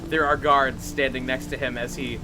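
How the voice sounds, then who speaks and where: A man narrating as game master of a tabletop game, casual and quick to laugh. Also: medium pitch, level tone, background noise. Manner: casual, laughing, voices his characters.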